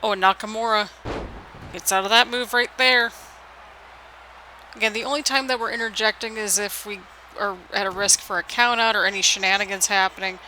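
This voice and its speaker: A YouTuber giving solo play-by-play for a wrestling video game on a headset mic, keeping the voice low because it is late at night. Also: steady tone, a little fast, a little hiss or hum, rough recording. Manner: keeps the voice low and hushed for late-night recording; hype play-by-play with frequent "people" call-outs. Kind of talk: solo game commentary in a wrestling announcer manner.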